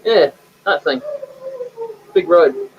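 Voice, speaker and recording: A man's voice: fairly high pitch, expressive, takes it slowly, a little hiss or hum. A man hosting a live stream, teasing his guests and laughing often. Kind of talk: casual live-stream chat. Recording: dull lo-fi audio.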